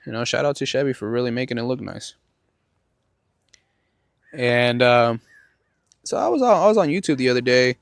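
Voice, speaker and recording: A man's voice: medium pitch, normal speed, gravelly, pauses often, no echo. Male podcast host, casual rambling storyteller, swears freely, dry close sound. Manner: profane, rambling, animated storytelling.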